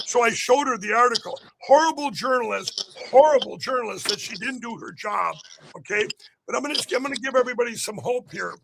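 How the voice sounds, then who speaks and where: High, gravelly man campaigning emphatically. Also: fairly quick, a bit bright, slight background noise. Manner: emphatic, repetitive rally-style talk. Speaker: political candidate. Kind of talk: interview on a podcast.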